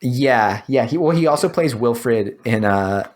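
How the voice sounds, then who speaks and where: Male podcast co-host, easygoing, mid-pitched, casual outro read. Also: animated, unhurried. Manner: easygoing, reads show outro. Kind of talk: casual chat.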